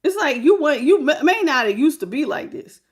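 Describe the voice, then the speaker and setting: A woman, giving a lively, sassy live tarot reading straight to the viewer. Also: high-pitched, moderate pace. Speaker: tarot reader.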